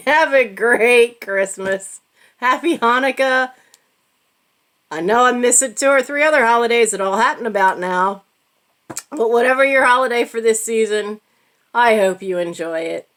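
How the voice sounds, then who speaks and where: A woman's voice: a little high, unhurried, fairly bright tone. A middle-aged woman telling a comic holiday story to her channel in a casual, self-mocking way, laughing as she goes. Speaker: channel host.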